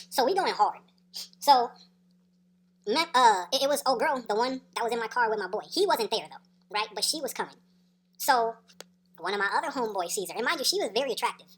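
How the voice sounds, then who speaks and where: A woman's voice: a little high, a bit bright. A woman telling a story in a casual, slangy, profane way, laughing as she goes. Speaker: storyteller vlogger.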